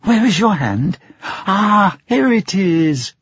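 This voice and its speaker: A man's voice: high voice, big pitch swings, slow, husky, no room sound, pitched above the performer's own voice, full character voice. A man reading an audiobook, voicing a blind young woman who is loving and trusting, in a fervent, eager way. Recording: dull lo-fi sound.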